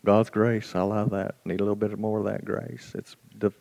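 A man's voice: fairly low pitch, little pitch movement, normal speed, gravelly, darkish tone. A man voicing a lukewarm churchgoer who murmurs mild approval.

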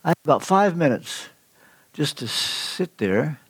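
An older man preaching a sermon, telling stories with emphatic swings in pitch. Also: very animated, unhurried, a bit bright, slightly rough, no room sound. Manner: storytelling, emphatic with sudden pitch leaps.

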